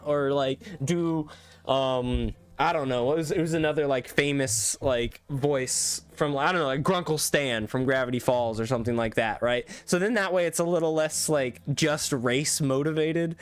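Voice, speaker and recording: A man streaming gameplay commentary, excitable, laughing often and reading out chat. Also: fairly high pitch. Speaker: streamer reviewing viewer mods.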